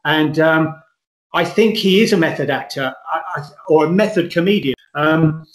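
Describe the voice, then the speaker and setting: A man's voice: on the high side, moderate pace. A middle-aged man, an actor, talking through his ideas in an earnest, rambling way during an interview. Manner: earnest, rambling, lively emphasis. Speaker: guest actor. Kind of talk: conversational interview. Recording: roomy echo.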